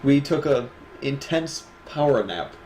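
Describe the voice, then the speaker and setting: A man's voice: mid-range voice, lively intonation, unhurried, darkish tone, slight background noise, poor audio. Laughing, joking young man co-hosting. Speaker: co-host of an awards stream. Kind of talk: casual stream chat. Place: home room, at a desk.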